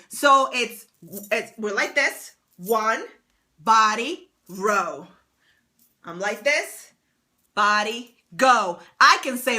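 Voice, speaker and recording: Bright high-voiced woman giving a motivational talk. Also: slow pace. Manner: emphatic and repetitive, asking rhetorical questions. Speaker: motivational speaker.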